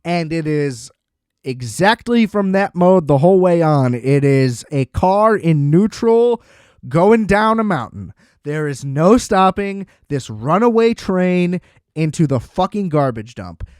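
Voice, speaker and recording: A podcast host with a somewhat high-pitched male voice, talking loosely and getting worked up as he retells a plot. He laughs often and sounds exasperated. The recording is dry and close. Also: very animated, slow, darkish tone, clean tone, no echo. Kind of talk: casual movie review rant.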